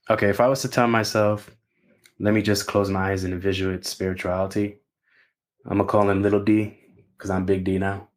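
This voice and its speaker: Halting low-voiced man, holding back tears. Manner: hesitant, halting, swears casually. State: emotional, near tears. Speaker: coach. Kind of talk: casual group conversation.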